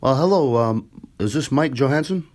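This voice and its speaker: Regular guy rambling on a prank call, lots of uhs and ums, mid-pitched. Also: expressive, moderate pace, a little mellow. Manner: chatty, filler-heavy, upbeat. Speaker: prank caller, show host. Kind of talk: casual prank phone call.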